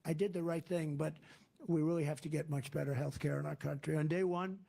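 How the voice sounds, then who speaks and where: A man's voice: a little high, fairly even intonation, brisk, vocal fry, warm tone. A man giving a campaign rally speech as a political candidate, talking in a rambling, digressive, repetitive way.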